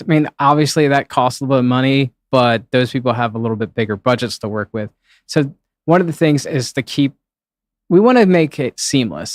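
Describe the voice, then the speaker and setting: A man's voice: mid-range voice, no echo, studio quality. A man working as a live event streaming producer, answering interview questions in a rambling, casual way, with plenty of fillers and acted-out quotes.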